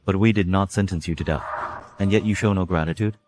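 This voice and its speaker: A man playing a stern, scolding aristocratic father, deep-voiced. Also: steady tone, fast, background noise, natural voice. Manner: harsh, scolding. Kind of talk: dubbed period drama.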